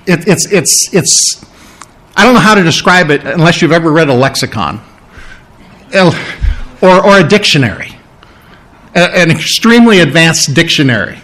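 A man's voice: on the high side, lively intonation, normal speed, long pauses, a bit bright. A man preaching a sermon, telling folksy personal stories in a conversational way with frequent asides.

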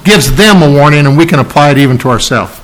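Emphatic man preaching, higher voice. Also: animated, fast talker, fairly bright tone, low-quality recording. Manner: emphatic, repeats key phrases for stress. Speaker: pastor. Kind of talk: sermon.

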